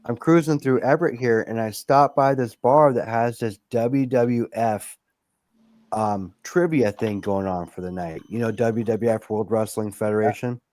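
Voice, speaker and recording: A man's voice: mid-range voice, moderate pace, a little mellow, no room sound. A man on a live stream, telling upbeat anecdotes and checking in with "right?". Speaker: co-host. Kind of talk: casual chat.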